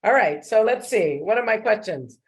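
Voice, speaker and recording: A woman's voice: medium pitch, animated, moderate pace. A woman hosting a radio talk show, asking open questions in a friendly, laughing way. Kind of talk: interview chat.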